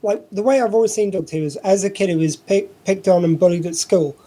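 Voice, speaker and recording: A man's voice: high-pitched, fast talker, dark tone, rough recording. A man, a podcast host being interviewed, telling a rambling story in casual chat with many fillers and restarts.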